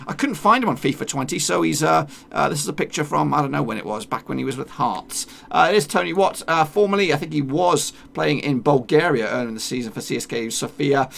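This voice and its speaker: A man's voice: mid-range voice, expressive, fast, creaky, hardly any pauses, fairly bright tone. A man chatting casually through a football team lineup, rambling, with many fillers and restarts. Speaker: football video creator.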